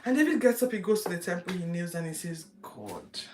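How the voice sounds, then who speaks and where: A woman's voice: lowish voice, fast talker, a little hiss or hum. Chatty woman teaching the Bible. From Nigeria. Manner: chatty, lively, talks to viewers. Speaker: Bible reading host. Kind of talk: casual livestream Bible teaching.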